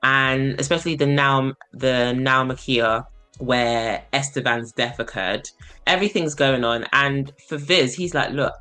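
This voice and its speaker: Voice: medium pitch, bright, forceful tone. A podcast host casually retelling a book's plot, acting out the characters' lines along the way. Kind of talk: casual book discussion.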